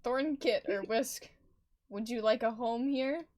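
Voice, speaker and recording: A woman voicing a stern male clan leader cat in a roleplay, asking measured questions. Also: on the high side, darkish tone. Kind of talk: voice-acted roleplay.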